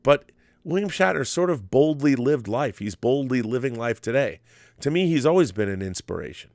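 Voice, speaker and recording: A middle-aged man, a director hosting his own show, telling a story in a casual monologue, animated and often restarting words. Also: medium pitch, normal speed, no room sound, clean studio sound. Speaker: podcast host and film director. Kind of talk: casual monologue answering a viewer.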